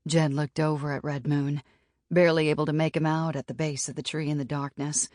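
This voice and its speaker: A woman's voice: sits low, little pitch movement, brisk, a little mellow, no echo. Woman narrating an audiobook, dry sound. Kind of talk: scripted narration.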